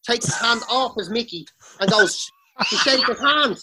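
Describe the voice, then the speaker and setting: Bright, sweary Irish man ranting. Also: very high voice, moderate pace, slight background noise. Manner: sweary, animated storytelling. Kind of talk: casual comedic rant. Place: sitting on the floor of a room.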